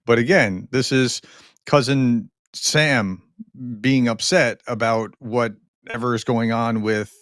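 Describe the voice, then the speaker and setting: A male co-host talks politics in a measured, hesitant way, his pitch in the middle range. He tries to keep things in perspective, and his voice sounds dry and close to the mic. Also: steady tone, fairly bright tone, no echo. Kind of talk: casual political discussion.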